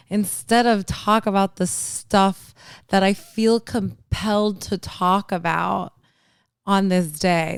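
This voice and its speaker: Rambling woman podcaster, very clear. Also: mid-range voice, a little slow, no echo, clean studio sound. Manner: rambling, self-interrupting, emotional and playful. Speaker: podcast host. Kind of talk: casual solo podcast chat.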